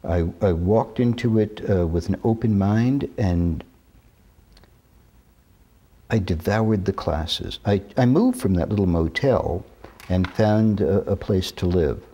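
A man in his sixties from New York, telling stories in an interview with measured, deliberate, careful diction. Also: low voice, mellow, muffled recording. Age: 60s. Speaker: interview guest. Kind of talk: reminiscing interview talk.

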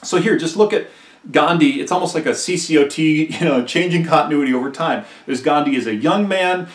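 A man's voice: fairly high pitch, fairly quick, roomy sound, far from the mic. A male history teacher giving a conversational recorded lecture, who often checks in with "right?" and acts out quotes emphatically.

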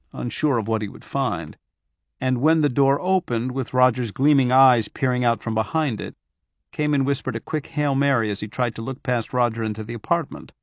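A man narrating an audiobook in a steady, even-handed reading voice. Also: mid-range voice, dry recording. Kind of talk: scripted narration. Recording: dry, slightly dull audiobook recording.

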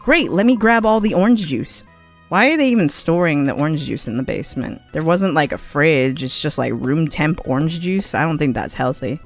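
A woman's voice: low voice, lively intonation, moderate pace, faint music behind. A young woman streamer casually commentating a game, swearing, laughing and reading game text aloud.

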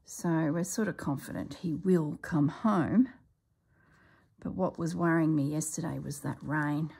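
A woman's voice: low-pitched, gravelly, darkish tone, breathy edge. A woman vlogger chatting casually as she stitches, rambling and talking herself through each step in a murmur. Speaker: crafting vlogger. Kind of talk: casual chat while stitching.

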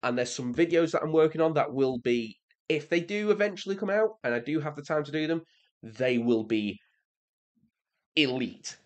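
A young Englishman with a clear English accent reads and answers viewer comments in a relaxed, chatty way. He is dry and sarcastic, then climbs into high, exasperated bursts when something riles him. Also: normal speed. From England. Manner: sarcastic, swings into exasperated high-pitched rants. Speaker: reaction video creator. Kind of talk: casual reaction commentary.

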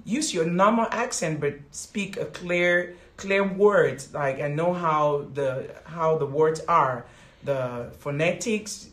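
A woman's voice: low-pitched, slow pace, a bit bright. Woman, casual teacher vlog, rambling and repetitive, roomy echo. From Africa. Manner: rambling, repeats words, many "like" fillers. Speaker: English teacher and vlogger.

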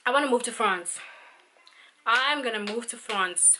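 A woman's voice: on the high side, unhurried, sharp tone, a little hiss or hum. A young South African woman vlogging, ranting in an exasperated way with lots of fillers. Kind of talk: venting vlog monologue.

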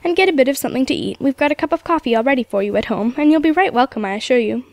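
A woman's voice: high-pitched, expressive, racing, a little mellow, dry recording. A woman reading as a hearty old grandfather. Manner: hearty, old-fashioned country speech. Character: elderly male lighthouse keeper, warm, emotional. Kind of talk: storybook reading.

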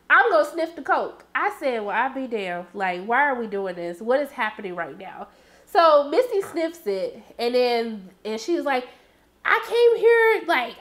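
Woman, high voice, sassy, dramatic asides, chatty recap. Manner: sassy, animated, acts out reactions in exaggerated voices. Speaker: TV recap host. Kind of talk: casual episode recap.

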